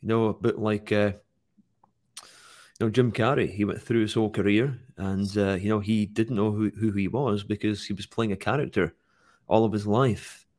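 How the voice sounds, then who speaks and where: Brief: low-pitched male host, measured and reflective. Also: fairly even intonation, darkish tone. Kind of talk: casual conversation.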